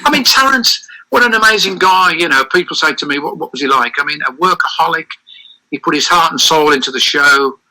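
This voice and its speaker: An older man with a bright, cutting tone and a pitch a little above most men's. He tells rambling stories in an animated way, often stopping to restart a sentence. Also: fairly quick, rough recording. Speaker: interview guest. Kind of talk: reminiscing interview over a call.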